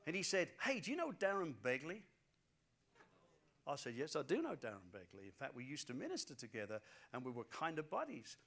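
High-voiced animated man preaching. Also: a little fast. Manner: animated storytelling preacher, repeats phrases for emphasis. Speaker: pastor. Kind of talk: sermon.

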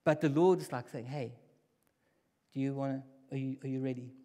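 A man preaching a sermon in a church hall, talking in a casual, conversational way that drops to near whispers and rises to loud bursts. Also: medium pitch, fairly even intonation, brisk. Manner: conversational, swings from hushed to loud. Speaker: pastor. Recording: long hall reverb.

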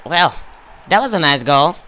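A young man giving casual, profane commentary over a football video game he is playing, flaring up in frustration and excitement. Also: fairly high pitch, normal speed. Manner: swears often, flares up with frustration and excitement. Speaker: gaming video creator.

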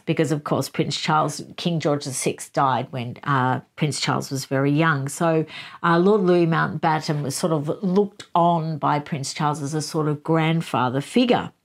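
A woman hosting a book review show, talking through a chapter in an animated, conversational way. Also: on the low side.

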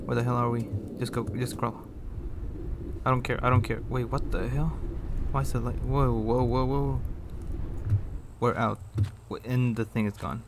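A man plays a horror game and talks the whole way through, jumpy and repetitive, cursing under his breath or louder when spooked. His voice sits at an ordinary middle pitch, with clear game noise running behind him. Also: steady tone, normal speed, long pauses. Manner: nervous running commentary, repeating phrases, swearing. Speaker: gaming YouTuber. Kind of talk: horror game let's play commentary.

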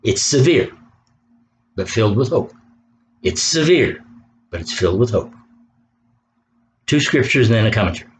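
A man's voice: on the low side, expressive, normal speed, pauses often, a little hiss or hum, low-quality recording. A man preaching an impassioned sermon, reading scripture aloud and pressing his points with rising fervor. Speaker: pastor.

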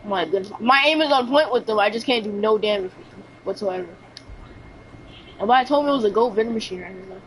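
A woman streaming a shooter game live, chatting casually and excitably with her viewers in slangy banter. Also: medium pitch, fast talker, a little hiss or hum, low-quality recording. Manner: excitable, slangy, talks to chat. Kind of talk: casual livestream chat while gaming.

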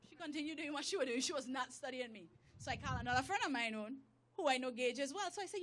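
A woman giving a motivational church talk, telling a personal story with animated delivery, acting out her prayers as dialogue and speaking in informal, loose grammar. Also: sits high, quick pace. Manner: informal grammar, drops verb endings.

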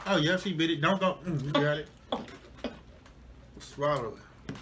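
A young man co-hosting a food challenge vlog with a high, lively voice that jumps around as he teases and hypes up his partner. Steady background noise runs under the home video. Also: normal speed, long pauses. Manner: teasing, hyping and cheering on his partner. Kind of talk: casual vlog banter.

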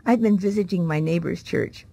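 Gravelly-voiced woman telling her story. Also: on the low side, moderate pace. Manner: lively storyteller acting out quoted voices. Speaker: guest. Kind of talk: testimony in a TV interview.

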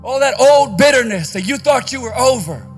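High-voiced preacher, fast and fiery. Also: male voice, soft background music. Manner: energetic preaching, rising to shouts. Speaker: pastor. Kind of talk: conference sermon. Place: conference stage.

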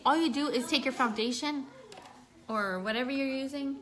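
A woman with a high-pitched, fairly bright voice speaks at a moderate pace while doing a makeup tutorial at home. Chatty and scattered, the vlogger talks to her viewers and stops to address her child partway through.

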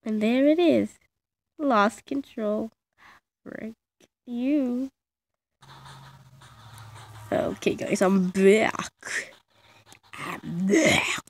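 A woman's voice: a little high, extremely slow, pauses often. A female gamer giving casual, chatty commentary on her gameplay, teasing the game and her friend as she plays.

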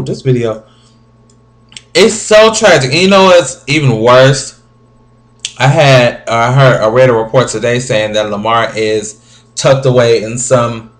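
Young male vlogger, chatty and theatrical, wanders off topic, sometimes trails into a mumble. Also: mid-range voice. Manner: chatty and dramatic, rambling asides. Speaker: vlogger reading viewer comments. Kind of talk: casual chat to camera.

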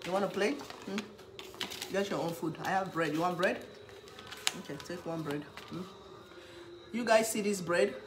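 A woman chatting casually in an eating vlog, humming with pleasure between bites and cheering when something catches her eye, then giving a playful pitch for her own products. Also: normal speed, long pauses, noisy background. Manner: chatty, talks while eating, hums with pleasure, bursts into cheers. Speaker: cooking vlogger.

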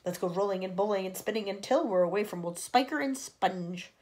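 A woman voicing an excitable, grinning male centipede, reciting in a boisterous sing-song way. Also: medium pitch, a little fast, lightly acted. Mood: gleeful.

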